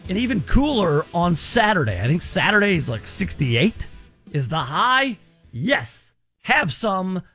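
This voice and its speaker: A man's voice: high voice, sing-song, measured pace, pushed and bright, breathy edge, soft background music. A man in his thirties hosting a radio talk show, chatty and wry with rambling asides. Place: radio studio.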